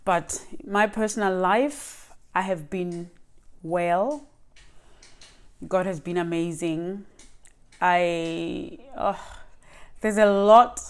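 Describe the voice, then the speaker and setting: A woman's voice: on the low side, drawn-out words, pauses often, clear, resonant tone. A young woman from Lesotho, talking casually to camera in a hesitant vlog with many fillers and restarts. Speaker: vlogger.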